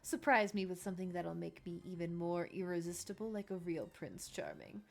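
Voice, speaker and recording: A woman's voice: on the low side, brisk. A woman voicing a boastful vain bard. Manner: boastful, theatrical, smooth-talking. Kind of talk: reading game dialogue aloud.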